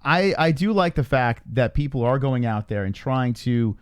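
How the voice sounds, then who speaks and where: A man's voice: mid-range voice, lively intonation, normal speed, smooth, no echo, studio quality. A man hosting a casual live stream, joking around and swearing, chatting with his co-host.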